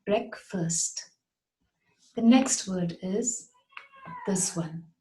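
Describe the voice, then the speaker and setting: A woman teaching English pronunciation in a patient way, saying each word slowly and repeating it. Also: medium pitch, warm tone, echoey room, poor audio. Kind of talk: slow, deliberate pronunciation lesson.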